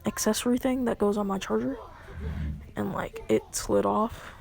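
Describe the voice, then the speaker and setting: A woman's voice: mid-range voice, steady tone, moderate pace, gravelly, darkish tone. A young woman casually telling a made-up fan story, rambling with lots of fillers.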